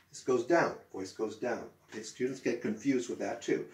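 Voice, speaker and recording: A man's voice: mid-range voice, big pitch swings, fast, few pauses, darkish tone. A man teaching an English grammar lesson at a whiteboard, acting out example sentences with swooping intonation. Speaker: ESL teacher. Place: room with a whiteboard. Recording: echoey room with faint noise.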